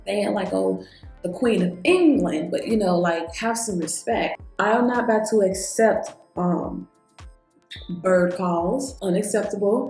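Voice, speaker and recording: A chatty woman vlogger talks through her makeup routine and tells lively stories straight to the camera. Her voice sits in a middle register and rings out in an echoey room, with faint music behind her. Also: mid-range voice. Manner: chatty, animated storyteller, talks straight to viewers. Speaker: beauty vlogger. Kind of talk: casual chat while doing makeup.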